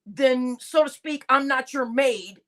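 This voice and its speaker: Animated high-voiced woman streamer. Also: slow pace. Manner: animated, exasperated, stammering restarts, addresses chat. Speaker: live-stream commentator. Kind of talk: casual live-stream commentary.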